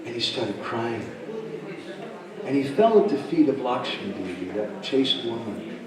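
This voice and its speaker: A man's voice: mid-range voice, animated, unhurried, a crowd in the background. A man at a devotional camp telling a story and acting out its characters. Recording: echoey hall, speaker far from mic.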